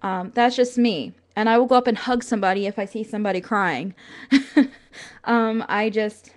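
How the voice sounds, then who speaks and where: Young woman vlogger, casual and earnest, filler-heavy, a little tearful, mid pitch. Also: steady tone, a little fast. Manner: chatty and earnest, many fillers, laughs through. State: tearful at times. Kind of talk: casual talk to camera.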